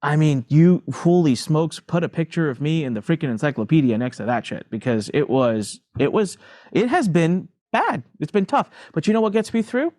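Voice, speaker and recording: A middle-aged man, a podcast guest, telling his story candidly in an emphatic, animated way and repeating phrases for emphasis. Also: on the high side, normal speed, no echo, studio quality.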